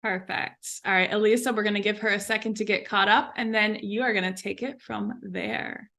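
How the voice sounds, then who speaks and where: A woman hosts an improv storytelling game and hands the story from one author to the next. Her voice carries a gravelly edge and a bright, forceful tone. She speaks in short cues and compact announcements. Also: medium pitch, fairly even intonation, normal speed. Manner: brief encouraging interjections between turns. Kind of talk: hosting a live online storytelling game.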